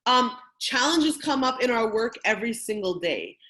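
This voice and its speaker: A woman in her thirties leading a training session and telling a personal story in a candid, lively, conversational way. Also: a little high, normal speed. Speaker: workshop facilitator.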